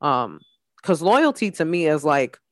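A woman's voice: low-pitched, very animated, unhurried, dry recording, clean studio sound. A woman podcast host and mother talking in a blunt, candid casual chat, leaning on "like" as she makes her points. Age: adult mother.

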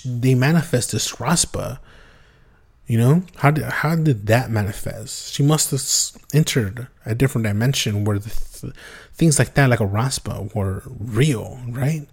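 A man's voice: medium pitch, darkish tone, husky. Rambling man telling a story. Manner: rambling, full of fillers and restarts. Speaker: podcast host. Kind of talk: casual storytelling.

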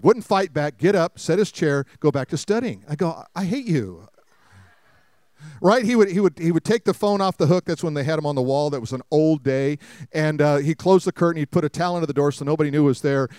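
A man's voice: sits high, clear, resonant tone, no echo, studio quality. A man preaching a sermon, telling funny personal stories and asking the congregation rhetorical questions. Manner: humorous storytelling, many rhetorical questions to the congregation. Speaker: pastor.

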